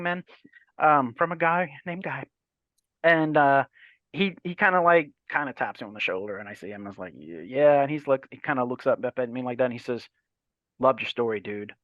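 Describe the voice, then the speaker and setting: Swearing freely and performing the voices in his anecdotes, a Louisiana author in his forties chats as a podcast guest. His pitch is fairly high, and the dry recording has its highs cut off.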